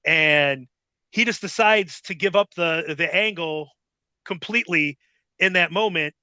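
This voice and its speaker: A middle-aged man telling a story as a guest in a casual chat, profane and rambling, with animated retellings. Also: a little high, unhurried, no room sound.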